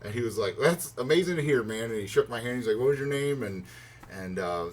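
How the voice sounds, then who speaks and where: A man's voice: brisk, slight background noise. A man telling a long personal story in a casual, rambling way, full of fillers and restarts, acting out his own reactions. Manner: excited, acts out his own reactions in higher pitch. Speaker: vlogger.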